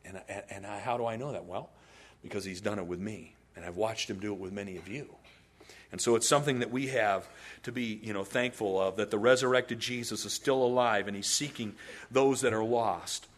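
A man's voice: lowish voice, brisk. A man preaching a sermon as a pastor, telling the story with animation and humorous asides.

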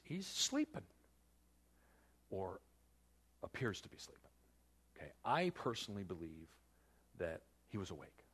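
A male pastor preaching a sermon in an animated storytelling manner, full of filler words. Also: mid-range voice.

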